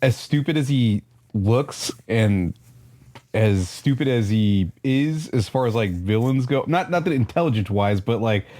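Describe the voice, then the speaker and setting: A man's voice: mid-range voice, animated, unhurried, mellow. A man co-hosting a comic review podcast, making laid-back joking asides in casual chat. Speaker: comic book podcast co-host.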